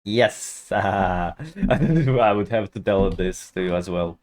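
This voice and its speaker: A man gives casual commentary while he reacts to a video. He speaks slowly in a lowish voice. His talk is relaxed and hesitant, full of small fillers.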